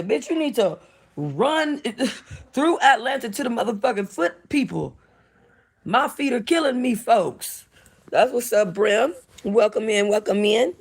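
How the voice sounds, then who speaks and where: Gravelly, profane woman streamer. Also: mid-range voice, expressive, unhurried. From North Hollywood, California. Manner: loud, profane, laughing commentary. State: tired. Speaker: livestream host. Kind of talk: casual livestream chat.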